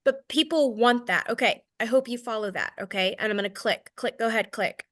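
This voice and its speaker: In a slightly high, brisk voice with a fairly bright tone, a Southern American woman in her thirties runs a casual, candid sales training talk. She teases herself and checks in with "okay?" again and again.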